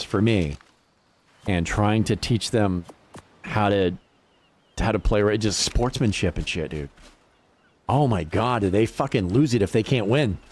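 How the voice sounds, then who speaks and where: A man in his fifties chatting casually as a livestreamer, swearing freely and laughing often. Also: mid-range voice. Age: 50s. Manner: animated, profane, laughs often. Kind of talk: casual chat.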